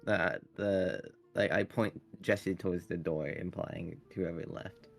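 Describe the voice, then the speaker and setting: A man's voice: low voice, fairly even intonation, unhurried, creaky, soft background music. A man playing a tabletop game who speaks politely and formally in character. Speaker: player.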